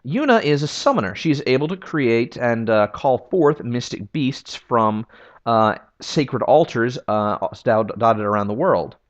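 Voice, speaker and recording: A man's voice: medium pitch, expressive, a little slow, lo-fi sound. A man giving casual, opinionated video essay commentary as a game history reviewer. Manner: opinionated and conversational.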